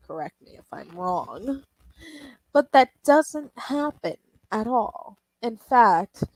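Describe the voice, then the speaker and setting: A young woman with a slightly mellow, mid-range voice livestreams while drawing, chatting in a rambling, casual way and often swearing and laughing. The audio is poor, though there's no echo.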